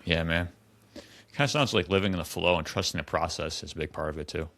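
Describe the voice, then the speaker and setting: Deep, bright-toned male podcast host. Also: fast talker. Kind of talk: casual conversation.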